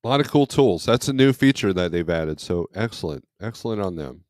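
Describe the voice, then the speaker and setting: Man, low voice, dry close sound, laid-back livestream chat, reads out comments. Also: expressive, fairly quick, darkish tone, dry recording. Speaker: livestream host, trucker. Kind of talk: casual chat. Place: at home, not in a truck.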